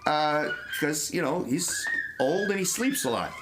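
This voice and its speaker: A man co-hosts a loose, joking podcast, circling back over his words and breaking into loud laughter. His voice sits a little high. The chat stays casual throughout. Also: lively intonation, a little slow, noisy background. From Italian-American. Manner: laughs loud and often, rambling with restarts. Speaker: podcast co-host. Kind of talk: casual banter.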